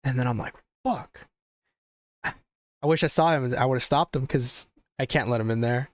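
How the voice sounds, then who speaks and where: Casual, profane, and animated, a young podcast host rambles through a story with frequent restarts. He speaks at a medium pitch and a moderate pace. There's no echo on the recording.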